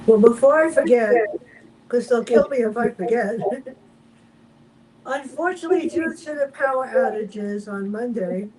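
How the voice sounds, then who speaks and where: A woman hosting the show, briskly running through the schedule of upcoming guests in a chatty way. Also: a little high, a crowd in the background, poor audio. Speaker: radio host.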